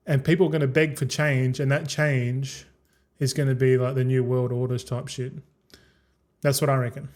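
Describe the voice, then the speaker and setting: A man's voice: mid-range voice, level tone, normal speed, a little mellow. A young man streaming a game, rambling and ranting casually with lots of swearing. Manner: rambling, profane, fired-up ranting.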